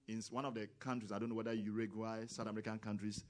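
A man preaching a sermon, who talks with grammar, acts out quoted voices and rises to loud, emphatic exclamations. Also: on the low side, flat delivery, racing.

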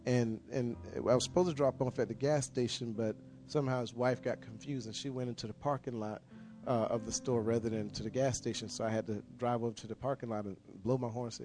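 A man, a pastor praying and then telling a story to his congregation, earnest and repetitive, often halting and restarting his sentences. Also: medium pitch, fairly even intonation, warm tone, faint music behind. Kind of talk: prayer and sermon storytelling.

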